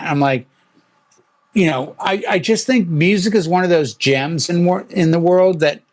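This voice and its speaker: A middle-aged man chats casually as host of a music talk show. His voice sits a little high. He tells stories with energy and acts out other people's lines. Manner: animated storyteller, acts out quotes. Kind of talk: casual chat.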